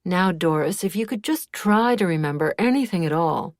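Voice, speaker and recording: A woman's voice: on the low side, expressive, normal speed, no room sound, studio quality. A woman voicing a coaxing, doubtful older woman, in an audiobook.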